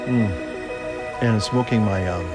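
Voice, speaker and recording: Slow, leisurely older man savoring aloud. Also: lowish voice, music in the background. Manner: leisurely, savoring, humming "mm" between phrases. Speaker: pipe-smoking vlogger. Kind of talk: relaxed casual chat to viewers. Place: outdoors on a veranda deck.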